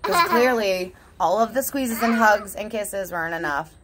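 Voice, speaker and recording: A woman's voice: mid-range voice, animated, normal speed, a crowd in the background. A woman talking in a casual, candid vlog monologue, swearing often and laughing between thoughts. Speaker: vlogger.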